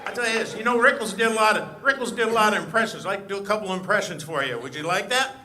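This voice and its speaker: A brash older insult comic fires punchy jabs at the crowd in a fairly high voice with a piercing, sharp edge, as a man puts him on. It is a stand-up impression, with faint noise behind it. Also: rapid-fire. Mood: needling.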